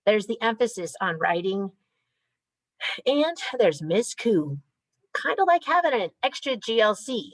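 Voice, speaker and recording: A woman's voice: mid-range voice, very animated, unhurried, no echo, poor audio. Woman giving a methodical school presentation. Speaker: IB program coordinator. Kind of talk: informational presentation on a video call. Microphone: video call.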